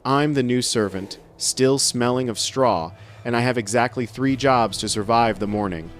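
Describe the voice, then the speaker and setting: A man's voice: medium pitch, moderate pace, faint music behind. A man giving scripted first-person narration with a wry, sardonic humor.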